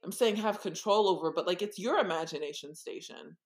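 A woman co-hosting a podcast in casual chat, animated and theatrical, often slipping into quoted voices. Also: fairly low pitch, brisk. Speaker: podcast co-host.

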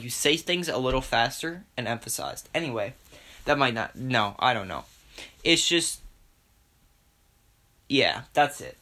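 Young man, podcast host, rambling solo talk, self-mocking, profane, bright voice. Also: mid-range voice. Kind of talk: casual solo monologue.

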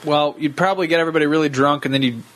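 A man with a slightly high voice riffing on a comedy podcast. He teases his friends and rambles through his jokes. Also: fairly even intonation, rapid-fire, fairly bright tone. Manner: rambling, teasing. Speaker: podcast co-host. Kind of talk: casual comedy banter.

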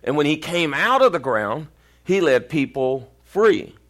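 A pastor with a Texan accent preaching a storytelling sermon, acting out quoted voices and sometimes near-shouting. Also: male voice, a little high, very animated, measured pace.

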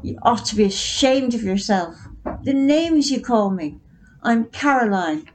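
A woman's voice: high voice, animated, unhurried, slight background noise, poor audio. A woman reading a story, voicing a defiant teenage girl with a cutting, sarcastic edge. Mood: furious.

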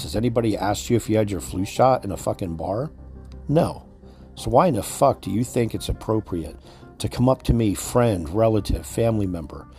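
A man's voice: on the low side, warm tone. A man hosting a podcast, delivering an angry, swear-filled rant that lectures his listeners. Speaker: podcast host.

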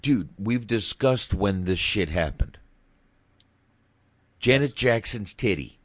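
Low-voiced, unhurried man swearing casually. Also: lively intonation, slightly rough, no room sound. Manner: profane, laughs often, rambling restarts. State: sore throat after shouting. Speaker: podcast co-host. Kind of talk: casual movie review chat.

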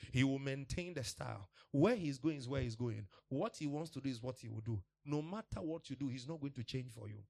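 A man's voice: mid-range voice, a little fast, creaky, hardly any pauses, dark tone. A man preaching a sermon, emphatic and repetitive, with laughs between points.

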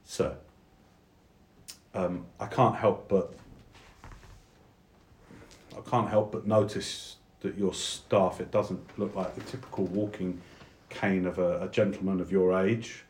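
A man's voice: low-pitched, steady tone, slow pace, pauses often, a little mellow, reverberant, voice pushed down. A man voicing a polite, nervous male guard captain who stammers and apologizes. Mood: grave.

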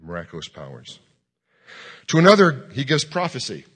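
Pastor, male, bright forceful voice, animated sermon storytelling. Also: mid-range voice, normal speed, breathy edge. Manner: animated storyteller, acts out dialogue, shouts commands.

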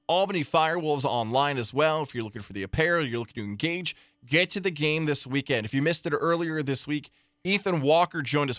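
A man's voice: on the high side, fairly bright tone, dry recording, clean studio sound. A man hosting a sports radio show, listing fantasy picks and reading an upbeat event promo. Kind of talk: sports talk and promo read.

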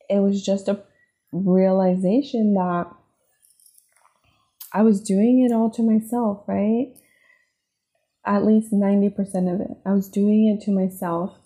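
A woman speaks slowly in a very dark, mellow voice, looking back on her personal struggles. Her tone stays flat and even, and she fills her sentences with "like" and "right?". She sounds emotional, close to tears. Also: mid-range voice. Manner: confessional, many fillers like "like" and "right?". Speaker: podcast host. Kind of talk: reflective personal monologue.

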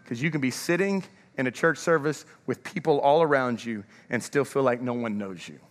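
A male pastor giving an energetic sermon in a large church, drawing the congregation to answer back. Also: medium pitch, moderate pace, in a large hall. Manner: energetic, calls for congregation response.

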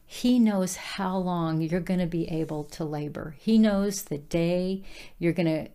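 A woman's voice: on the low side, warm tone. A woman giving a casual devotional Bible teaching, speaking earnestly and directly to her listeners.

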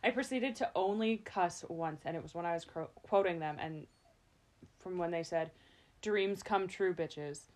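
Casting: young woman podcast host, lower-pitched, giggly, animated, casual. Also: normal speed. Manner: giggly, animated, slips into voices. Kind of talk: casual chat.

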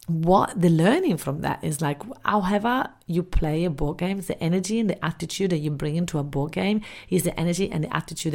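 A middle-aged woman with a low voice and a gravelly edge speaks straight to her listeners as a business coach. She talks casually and with plenty of energy, jumping up into the voices of her own past reactions. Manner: animated, acts out her own reactions in quotes. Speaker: business coach and podcast host. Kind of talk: casual monologue.

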